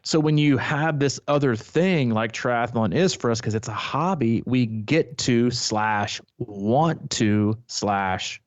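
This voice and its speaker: A man's voice: medium pitch, slow, few pauses, no room sound, dull audio. A man coaching triathletes, talking in a rambling casual way with frequent restarts. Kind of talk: casual podcast chat.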